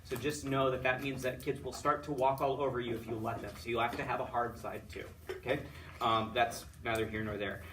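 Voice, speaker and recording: A man's voice: mid-range voice, fairly even intonation, a little fast, fairly bright tone, distant mic, a little hiss or hum. A man giving a student chatty, upbeat feedback after a choral conducting lesson, with lots of fillers and restarts. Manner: sings solfege and chants rhythm words to demonstrate.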